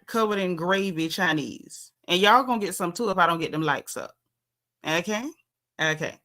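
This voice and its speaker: Hosting a casual livestream, a woman with a Southern US accent reads viewers' comments and talks back bluntly and sassily in a chatty dialect. Her pitch is fairly high, and her voice sounds pushed and bright.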